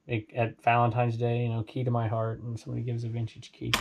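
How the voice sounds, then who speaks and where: Man, from Southern California, chatty, rambling, casual vlog, mid pitch, faint hiss. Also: monotone, fast talker, gravelly, highs cut off. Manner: rambling, chatty, talks to viewers. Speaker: reseller vlogger. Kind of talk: casual chat.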